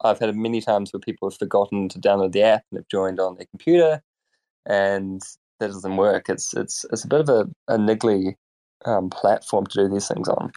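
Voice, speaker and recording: A man's voice: fairly low pitch, moderate pace, dark tone. A man with a New Zealand accent, a guest talking casually, mumbling and hesitant. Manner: mumbling, self-deprecating, hesitant. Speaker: guest, company executive. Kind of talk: casual chat.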